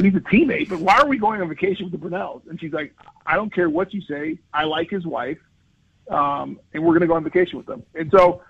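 Man, 50s, earnest guest storyteller, husky voice, dry tinny line. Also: fairly high pitch, no room sound. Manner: earnest, animated storyteller with many restarts. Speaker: interview guest, former football lineman. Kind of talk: conversational interview storytelling. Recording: dry, phone-like radio line.

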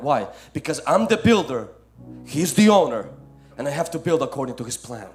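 A male pastor preaching a sermon, swinging from loud emphatic lines to soft ones and calling listeners "my friend". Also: medium pitch, sing-song, normal speed, faint music behind.

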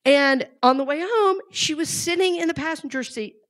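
A woman's voice: sits high, normal speed, a bit bright. A middle-aged woman giving a conversational talk to a live audience, often asking them questions. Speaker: speaker.

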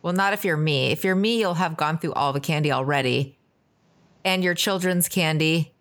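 A woman hosting a podcast, opening the show and bantering with her co-host in a relaxed, casual chat. Her voice sits a little low, and her humor is dry and teasing. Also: moderate pace.

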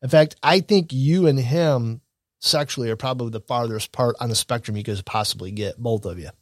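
Here a show host from Michigan offers casual commentary on news and politics, rambling, restarting, and speaking bluntly with plenty of opinion. His medium-pitched voice moves briskly. The studio sound is clean and free of echo.

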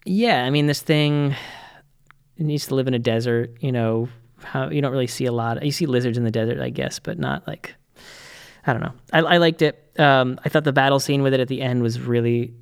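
Gravelly man chatting in a rambling way. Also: mid-range voice. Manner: rambling, animated, quick asides. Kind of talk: casual podcast chat.

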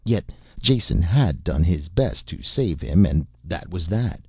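A man narrating a novel as an audiobook, in a measured storytelling manner. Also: deep voice, creaky, breathy edge, no echo, dull audio. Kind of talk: scripted narration.

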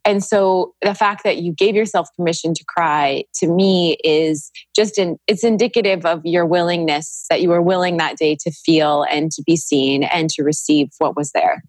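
Young woman, podcast guest, earnest reflective talker, low pitch, dry mic. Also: normal speed, few pauses, no room sound. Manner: earnest, reflective, swears casually. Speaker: podcast guest, Reiki practitioner. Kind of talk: casual podcast chat.

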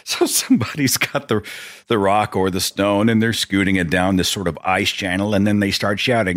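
A man's voice: fairly low pitch, normal speed, fairly bright tone, dry recording, studio quality. A man hosting a podcast alone, talking in a casual, rambling way with chatty asides. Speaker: podcast host. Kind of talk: casual solo monologue.

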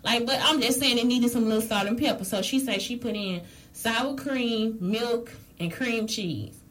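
A woman's voice: a little high, normal speed, a bit bright, poor audio. Blunt, profane woman ranting to viewers. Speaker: vlogger telling a story. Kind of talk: casual storytime rant.

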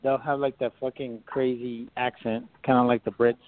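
A man's voice: mid-range voice, flat delivery, moderate pace, dry recording. A man chatting casually on a podcast, swearing freely and telling stories in a laid-back way. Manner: profane, laid-back storytelling. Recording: tinny phone-like audio.

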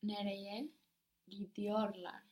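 A woman's voice: mid-range voice, level tone, takes it slowly, darkish tone. A woman student answering in a language lesson with short, tentative replies.

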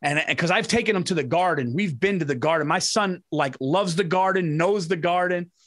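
A man's voice: high voice, a little fast, a bit bright. A man co-hosting a casual chat, telling a family story in a rambling, repetitive way. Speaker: podcast co-host.

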